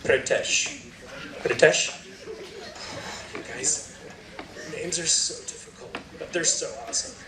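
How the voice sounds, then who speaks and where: A man's voice: on the high side, normal speed, roomy sound, recorded from a distance, crowd noise, low-quality recording. A man giving a guest lecture, playfully coaching volunteers through a game and laughing often. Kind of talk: lively lecture-hall game with audience.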